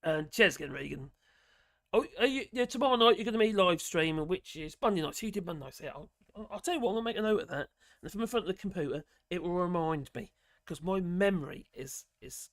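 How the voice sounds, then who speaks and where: A chatty man hosting a live stream, rambling from one thought to the next as he works through viewer messages. His voice sits a little on the high side and is wearing thin as he loses it, and the sound is close and dry with no room echo. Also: expressive, fast talker. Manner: rambling, chatty, reads chat messages aloud. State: losing his voice. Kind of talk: casual live-stream chat.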